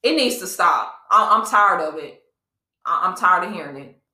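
A woman's voice: fairly low pitch, lively intonation, moderate pace, bright, forceful tone. A young woman co-hosting a casual podcast chat, talking with passion and emphasis, often repeating herself. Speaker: podcast co-host. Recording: echoey room.

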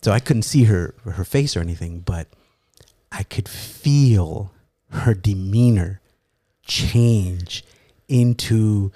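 A man from California telling a story in a casual, profane way, laughing often and slipping into lively impressions. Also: fairly low pitch, slow pace, no echo, studio quality. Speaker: guest storyteller.

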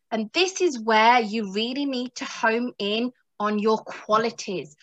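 A woman telling her story as a motivational speaker, animated and often laughing, acting out her inner voices. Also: a little high, measured pace.

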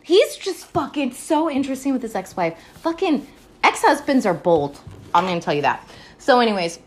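A woman's voice: a little high, big pitch swings, moderate pace. A woman hosting a podcast, recapping a TV show in a rambling, casual way, swearing a lot and laughing often. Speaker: podcast host.

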